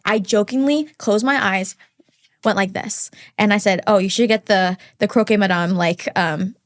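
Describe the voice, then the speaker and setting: A young woman, a podcast guest, telling a dating story in casual chat and acting out the quotes. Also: medium pitch. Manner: animated, acts out quotes in storytelling.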